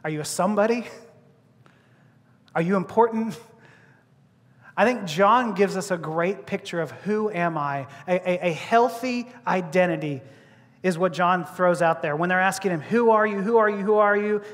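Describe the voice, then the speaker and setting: A man preaching a sermon as a pastor, telling a story with lively acted-out voices and frequent laughter, in a church. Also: sits high, normal speed. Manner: animated storyteller, acts out voices, laughs often. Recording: long hall reverb.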